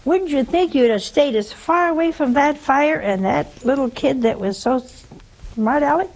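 A woman's voice: high-pitched, expressive, moderate pace, a little mellow. A woman preaching a sermon, telling a story in a conversational way and asking the audience rhetorical questions.

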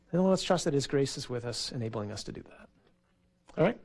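A man's voice: medium pitch, lively intonation, brisk, vocal fry, a little mellow. A man who is a priest, giving a sermon in a conversational, storytelling way for a radio program. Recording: radio broadcast.

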